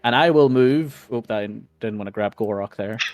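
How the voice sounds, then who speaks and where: A man's voice: mid-range voice, moderate pace, heavy background noise. A man playing a tabletop game, talking casually with giggles and frequent swearing. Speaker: player.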